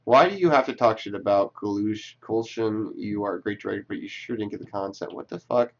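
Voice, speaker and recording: A man's voice: on the low side, fairly quick, lo-fi sound. A man reading tweets aloud and talking back to them in casual, sarcastic, profane commentary. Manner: sarcastic, profane, talks back to what he reads.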